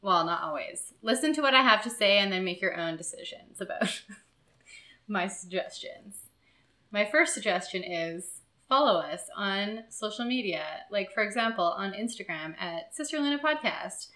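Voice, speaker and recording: A woman's voice: medium pitch, animated, pushed and bright. Giggly lady cohosting a podcast, chatty and playful, roomy echo. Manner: playful, giggly, quick to joke. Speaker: podcast co-host. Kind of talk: casual chat.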